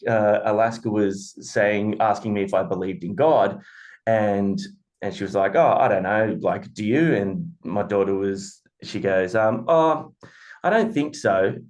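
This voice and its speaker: A fairly low-voiced man in his thirties, telling stories casually and swearing freely. He sounds animated and loose as he chats. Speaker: podcast co-host. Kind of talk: casual storytelling.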